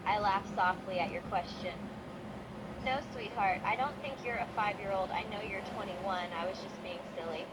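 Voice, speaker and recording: A woman's voice: medium pitch, moderate pace, heavy background noise, lightly acted. Synthetic woman voicing a teasing wrestler chatbot. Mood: teasing affectionate. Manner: narrates her own actions, calls listener sweetheart. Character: sweet-talking female wrestler chatbot, playful teaser.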